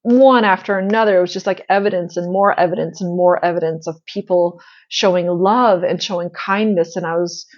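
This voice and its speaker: A woman's voice: lowish voice, steady tone, fairly quick, muffled recording. A woman host telling a personal story in a casual, earnest way, with many fillers and restarts. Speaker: spiritual channel host.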